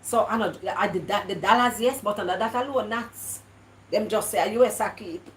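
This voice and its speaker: A woman's voice: medium pitch, a little fast, reverberant, slight background noise, rough recording. A Jamaican woman from Jamaica chatting casually to her live viewers, slipping into patois and often stumbling over and repeating her words. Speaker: vlogger. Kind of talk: casual live-stream chat.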